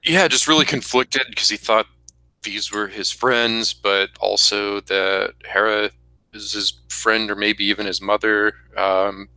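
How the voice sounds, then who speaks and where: Slow gravelly guy, hesitant, bright voice, super dry mic. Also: lowish voice, steady tone, no echo, low-quality recording. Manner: hesitant, halting. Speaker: player. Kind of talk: tabletop role-play chat.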